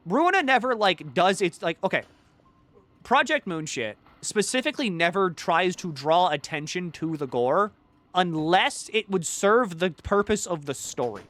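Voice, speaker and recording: A male streamer chatting casually while playing a game, rambling and excitable, swearing freely. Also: high-pitched, unhurried, no room sound. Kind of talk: casual gaming-stream chat.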